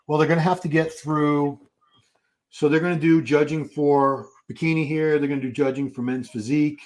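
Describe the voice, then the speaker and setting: A man's voice: fairly high pitch, steady tone, normal speed, darkish tone. A man in his fifties hosting a live watch party stream, chatting casually, restarting his sentences and talking to the chat. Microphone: streaming setup.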